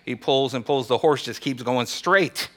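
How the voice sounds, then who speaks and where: A man preaching to a small church gathering, chatty and joking and quick to laugh. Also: mid-range voice. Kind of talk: casual joke-telling and church teaching.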